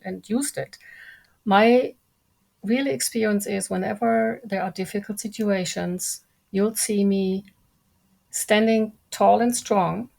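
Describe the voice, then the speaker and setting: Calm, measured woman with slight gravel. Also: mid-range voice. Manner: calm, measured, deliberate speech. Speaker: guest. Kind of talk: conversational interview.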